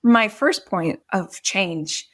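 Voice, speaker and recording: A woman's voice: mid-range voice, expressive, drawn-out words, a crowd in the background. A middle-aged woman, a podcast guest, earnestly retelling a personal story in vivid detail.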